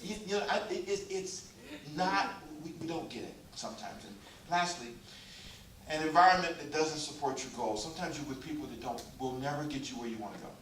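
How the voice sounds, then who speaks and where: A pastor preaching a humorous, exhorting sermon in a church sanctuary and drawing the congregation into call and response. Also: male voice, fairly high pitch, animated, brisk, fairly bright tone, a little hiss or hum. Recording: echoey church hall, mic far off.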